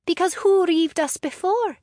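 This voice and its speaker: A woman voicing a sharp-tongued, defiant young noblewoman in a storybook reading. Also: very high-pitched, no room sound, studio quality, voice pushed up. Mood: defiant, mocking. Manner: scornful, quick, mocking.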